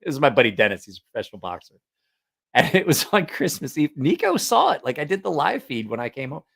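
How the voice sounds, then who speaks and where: A man's voice: on the high side, huge pitch swings, fast, gravelly, fairly bright tone, breathy edge. A man telling stories in a casual, rambling monologue, joking about himself and often restarting his sentences. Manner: rambling and chatty, with frequent fillers and restarts; frank, self-mocking humor. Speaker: vlogger.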